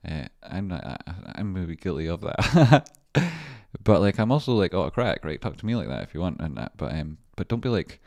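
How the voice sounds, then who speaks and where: A man with a low voice runs a trading livestream, chatting loosely over his charts. He swears freely and keeps breaking off to greet viewers. The sound is close and dry, with no room around it. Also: very animated, brisk, gravelly, a little mellow, dry recording. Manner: rambling, profane, chatty asides to viewers. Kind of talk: casual live-stream chart commentary.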